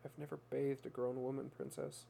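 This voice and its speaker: A man's voice: mid-range voice, flat delivery, normal speed, creaky, dark tone, breathy edge. A man voicing a compassionate woman who recounts caring for someone in a tender voice heavy with emotion.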